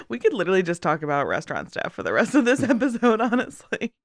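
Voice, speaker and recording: A woman's voice: mid-range voice, fast talker, no room sound. A young woman chatting on a podcast, breaking into laughter again and again as she tells her stories. Her voice swoops up and down with plenty of life. The sound is dry and close, with no room around it. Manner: laughs often, animated storytelling. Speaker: podcast co-host. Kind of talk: casual chat.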